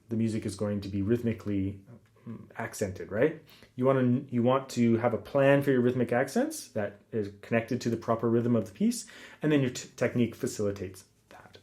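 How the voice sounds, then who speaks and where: A man teaching a guitar lesson in a relaxed, casual way, counting rhythms aloud with frequent ums. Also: medium pitch, normal speed. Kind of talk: casual instructional talk.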